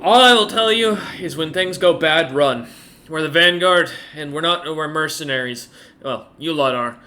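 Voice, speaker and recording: A man voicing a burly, earnest mercenary commander with a loud, excited delivery. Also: a little high, normal speed. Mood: grim.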